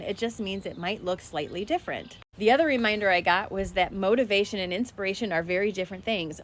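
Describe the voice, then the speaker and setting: A woman's voice: medium pitch, a little hiss or hum. A woman talking casually to her viewers in a spiritual energy update, chatty and direct.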